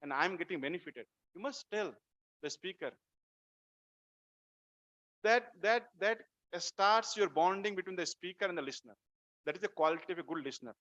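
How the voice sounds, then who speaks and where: A man with an Indian English accent giving an animated devotional lecture on scripture, asking his listeners rhetorical questions. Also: sits high, moderate pace, long pauses, highs cut off. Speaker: temple speaker.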